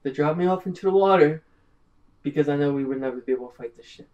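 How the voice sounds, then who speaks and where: A goofy young man chats and jokes at a tabletop game, talking through his rolls with a grin in his voice. His pitch sits slightly high for a man. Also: fast, darkish tone, lo-fi sound. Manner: goofy, joking. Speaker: player. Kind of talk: casual tabletop play.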